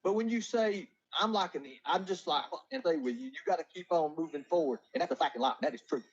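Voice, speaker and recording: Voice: mid-range voice, expressive, quick pace, slightly rough. A livestream guest telling a story in a rambling, profane way. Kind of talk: casual livestream chat. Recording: dull lo-fi stream playback.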